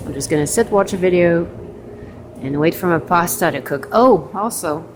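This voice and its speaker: In a hostel kitchen and common room, a woman with a lowish voice vlogs while sick, chatting and rambling with laughing asides. She speaks at a moderate pace, and there's a little hiss or hum in the recording.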